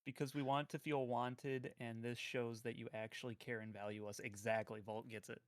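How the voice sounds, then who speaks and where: A man's voice: medium pitch, little pitch movement, moderate pace, no echo, studio quality. A young man co-hosting a casual live stream, laid-back and joking, often laughing as he talks. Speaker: stream co-host.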